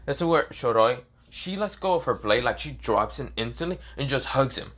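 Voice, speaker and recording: A man's voice: medium pitch, animated, normal speed, few pauses, a bit bright. A man improvising a fan-fiction anime story, rambling with lots of fillers and restarts. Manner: rambling, filler-heavy, repeats "this is where".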